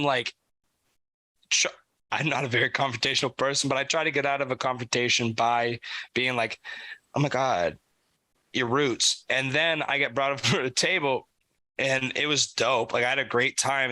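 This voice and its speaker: Young male podcast co-host, bright voice, lively profane storyteller, dry close sound. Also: mid-range voice, dry recording, poor audio. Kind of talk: casual chat.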